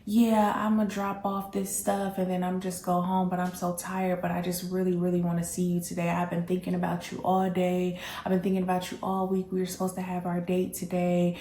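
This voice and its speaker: A worn-out truck driver boyfriend pleads in a sad, drawn-out way, as a woman puts him on while telling a story. His voice sits a little low. It rings in a roomy space. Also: monotone, dark tone, lightly acted. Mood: mopey pleading. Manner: mopey, pleading, trying to sound sad. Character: tired, whiny young adult male truck driver boyfriend.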